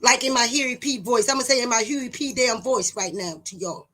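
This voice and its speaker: A woman's voice: a little high, moderate pace, few pauses, fairly bright tone. A woman delivering a preachy monologue straight to her viewers, blunt and emphatic, swearing, repeating words for stress and taunting them with rhetorical questions. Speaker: self-styled teacher addressing viewers. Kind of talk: preachy direct-to-camera monologue.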